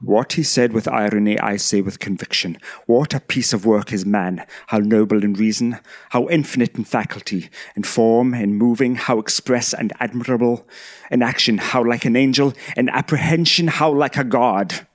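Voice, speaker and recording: A man putting on a deliberately bad impression of a pompous male starship captain, reciting Shakespeare with melodramatic stage declamation. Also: medium pitch, lightly acted. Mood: grave.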